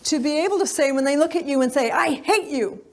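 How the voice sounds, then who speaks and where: A woman's voice: high-pitched, racing, a little mellow. A middle-aged woman giving a live parenting lecture to an audience, speaking conversationally with frequent fillers and sometimes acting out what children say.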